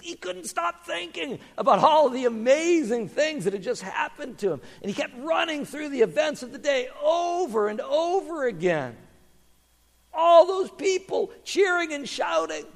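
A male pastor telling a story and leading prayer with an animated, lively delivery that sits fairly high. He goes quiet and hushed in prayer. His voice rings with long hall reverb. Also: moderate pace, vocal fry, few pauses. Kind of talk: children's sermon storytelling and prayer.

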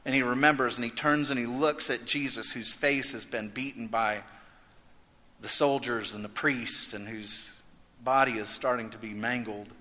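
A man preaching a sermon as pastor, swinging from loud emphasis to hushed intensity. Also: medium pitch, fairly even intonation, normal speed. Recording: echoey hall reverb.

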